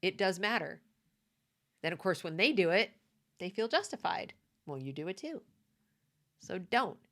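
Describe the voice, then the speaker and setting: A woman's voice: on the low side, sing-song, unhurried, fairly bright tone. A woman delivering a conversational opinion monologue, emphatic and prone to repeating her points. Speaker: commentator.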